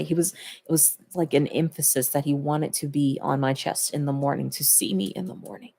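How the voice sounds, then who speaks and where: A woman's voice: low-pitched, steady tone, normal speed, creaky, dark tone. A woman talking casually to the camera, reflecting fondly and laughing between her thoughts. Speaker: vlogger.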